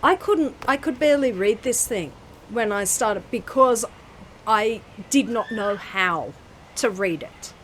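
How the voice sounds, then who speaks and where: Australian woman, 40s, book reviewer, fairly high voice, measured unhurried delivery, emphatic, stops to hunt for words. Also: expressive, slight background noise. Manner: chatty and emphatic, pausing to search for words. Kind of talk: casual book review chat.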